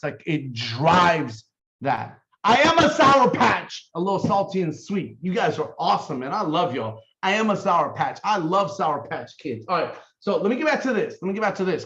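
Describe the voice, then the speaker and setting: A man's voice: a little high, fairly bright tone, lo-fi sound. A man giving a fired-up, emphatic motivational sales talk to his team. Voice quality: fired up, emphatic, intense delivery. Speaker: team leader.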